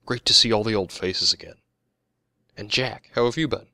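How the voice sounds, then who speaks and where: A man's voice: fairly low pitch, normal speed, creaky, sharp tone, no echo, full character voice. A man voicing a nervous young woman who tries politely to keep a reunion peaceful. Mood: nervous, friendly.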